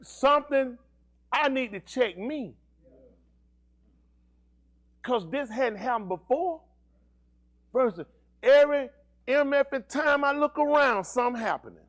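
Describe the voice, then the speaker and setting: A male pastor preaching a sermon, asking the congregation questions and teasing them in slang. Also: extremely high pitch. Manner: animated preaching with call-and-response questions and slang.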